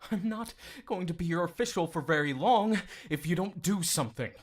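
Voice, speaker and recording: A man's voice: medium pitch, lively intonation, fairly bright tone, breathy edge, pitched above the performer's own voice, full character voice. A man voicing a flustered middle-aged official who is out of breath and talks in an anxious hurry. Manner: hurried, anxious.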